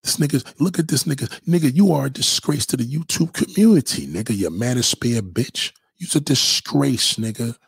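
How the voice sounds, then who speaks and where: Brooklyn man, husky, profane roast-style livestreamer. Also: mid-range voice, animated, fairly quick, few pauses, no echo. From Brooklyn, New York. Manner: profane, mocking, loud bursts of insults. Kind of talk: trash-talking livestream rant.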